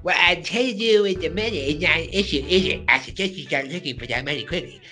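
A man's voice: fairly high pitch, quick pace, sharp tone, faint music behind, pitched above the performer's own voice. A man voicing a bratty, greedy cartoon boy who taunts and schemes. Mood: smug.

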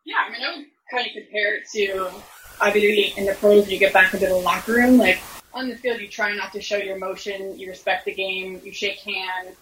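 Woman on a podcast, earnest and explaining, average pitch. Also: steady tone, a little fast, a bit bright, a little hiss or hum, rough recording. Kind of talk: podcast discussion.

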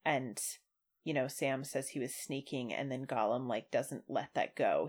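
A woman's voice: a bass voice, measured pace. A woman co-hosting a podcast, chatting casually and emotionally about a book, full of "like" and trailing thoughts. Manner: emotional, gushing, with many fillers. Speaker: podcast co-host.

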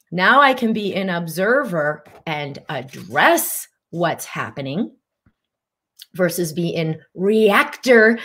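Animated woman teaching live, lowish voice. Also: a little slow, slightly rough. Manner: animated, acts out inner voices. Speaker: spiritual teacher. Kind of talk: live-streamed teaching talk.

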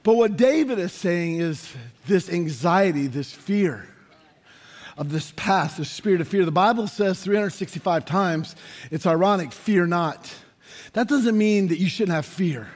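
A man in his forties preaching a sermon, telling stories with animated energy and rising to shouts for emphasis. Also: high voice, measured pace. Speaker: pastor.

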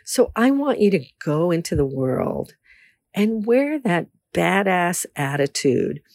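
Brief: woman podcast host, frank and self-assured, lively swooping pitch, dry close recording. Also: takes it slowly, vocal fry, no room sound. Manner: candid, animated, self-assured. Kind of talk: casual solo podcast.

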